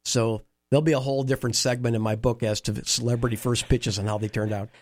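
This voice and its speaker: A man telling animated anecdotes in a conversation, acting out quoted dialogue. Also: medium pitch, fast, no room sound, studio quality. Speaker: interview guest, former baseball team staffer. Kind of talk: storytelling conversation.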